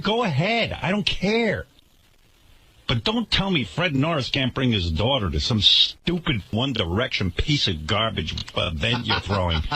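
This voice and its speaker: A man's voice: mid-range voice, bright, forceful tone, slight background noise. A man hosting a radio talk show, delivering an indignant, sarcastic rant to his listeners.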